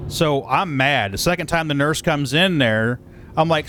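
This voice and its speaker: A man's voice: fairly high pitch, measured pace, a bit bright, a little hiss or hum. A man livestreaming casual chat while hauling cargo, telling a story in an exasperated, profane way. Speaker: live streamer. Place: in a moving vehicle.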